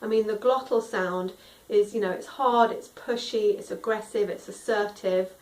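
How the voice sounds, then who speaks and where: A woman's voice: mid-range voice, fairly even intonation, normal speed, a little mellow, recorded from a distance. Singing teacher woman in a roomy echo. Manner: friendly instructive, demonstrates sung tones. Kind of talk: explanatory vocal lesson. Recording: roomy echo, a little off mic.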